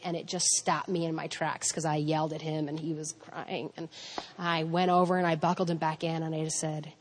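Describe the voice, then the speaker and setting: A woman's voice: sits low, level tone, a little fast. A woman in her thirties talking casually about faith and parenting, rambling and self-deprecating, laughing often. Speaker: mother and speaker on parenting.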